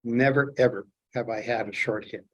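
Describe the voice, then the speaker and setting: A middle-aged man from Canada telling lively fishing stories while demonstrating fly tying to a club audience. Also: mid-range voice, normal speed, muffled recording. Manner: animated storyteller, acts out his own excitement. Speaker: fly tier, presenter.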